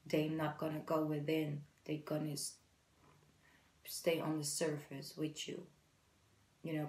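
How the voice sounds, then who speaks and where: Low gravelly woman reading tarot. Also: darkish tone, reverberant, low-quality recording. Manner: chatty, encouraging, fillers like "you know". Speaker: tarot reader. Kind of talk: casual tarot reading to camera.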